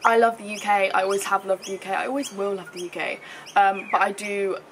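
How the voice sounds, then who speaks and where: A young British woman vlogging about her travels in a chatty, upbeat way, with plenty of filler words. Her voice sits at an ordinary middle pitch for a woman. A faint hiss of background noise runs under her voice. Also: fairly even intonation, a little fast. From United Kingdom. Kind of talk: casual chat to camera. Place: outdoors in the sun, later indoors.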